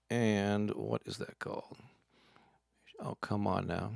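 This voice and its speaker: A man's voice: lowish voice, expressive, takes it slowly, vocal fry, pauses often, a little mellow, no echo, clean studio sound. A man hosting a live stream, reading corny cheese jokes and laughing at his own puns.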